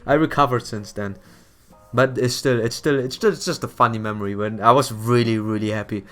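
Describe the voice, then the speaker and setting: A man chatting casually on a game live stream, tripping over his words and repeating himself as he thinks out loud. His pitch sits in a middle range, and faint background music plays under his voice. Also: fairly even intonation, a little fast. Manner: rambling, repeats words, laughs often.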